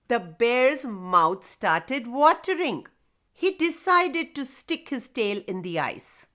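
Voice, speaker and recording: A woman narrating a folk tale for children, slow and expressive, speaking directly to the young listeners. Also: a little high. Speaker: storyteller.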